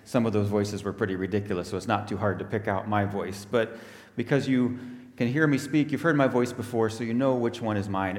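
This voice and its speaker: A man's voice: lowish voice, darkish tone. A man, a minister giving a friendly children's talk during a church service. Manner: friendly, explaining. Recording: echoey church hall.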